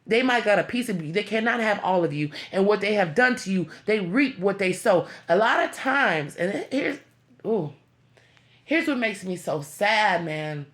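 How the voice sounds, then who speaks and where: A woman's voice: medium pitch, animated, normal speed. Emotional woman pleading with her viewers. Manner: heartfelt, pleading, repeats herself. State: emotional, near tears. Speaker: vlogger. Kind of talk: emotional motivational talk to viewers.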